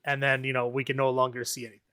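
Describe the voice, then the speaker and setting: A man's voice: medium pitch, completely flat delivery, rapid-fire, pushed and bright, smooth, no echo, studio quality. A man casually recapping a horror movie on a podcast, rambling, laughing often and acting out the characters' lines. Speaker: podcast co-host.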